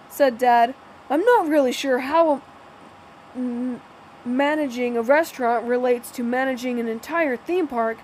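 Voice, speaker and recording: A woman's voice: high voice, darkish tone, a little hiss or hum, poor audio. A woman reading a first-person novel aloud, often stumbling and restarting words. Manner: plain reading with frequent slips and restarts. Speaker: audiobook narrator.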